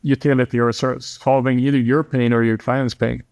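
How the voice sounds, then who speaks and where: A man's voice: mid-range voice, flat delivery, brisk, vocal fry, darkish tone, smooth. A man hosting a podcast, asking questions and chatting in a loose, hesitant way full of fillers. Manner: rambling, hesitant, many fillers. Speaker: podcast host. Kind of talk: casual interview chat.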